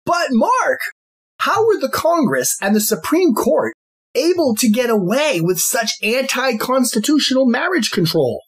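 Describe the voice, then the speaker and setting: A man putting on a high, incredulous listener. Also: sing-song, a little slow, fairly bright tone, slightly rough, full character voice. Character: inquisitive skeptical podcast listener.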